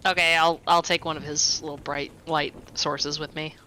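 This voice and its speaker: Woman, player, playful, laughing, bright voice, faint noise. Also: deep voice, little pitch movement, moderate pace, low-quality recording. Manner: laughing, playful, swears casually. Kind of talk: casual tabletop game chat.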